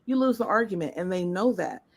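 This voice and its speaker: A woman guest on a streamed commentary show, making a fast, pointed argument. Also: on the low side, expressive, creaky.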